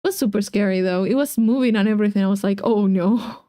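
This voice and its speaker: A woman's voice: medium pitch, racing, dark tone, clear, resonant tone, no room sound, studio quality. A young woman streaming a game, chatting in a giggly, rambling way. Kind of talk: casual let's-play commentary. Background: faint game music.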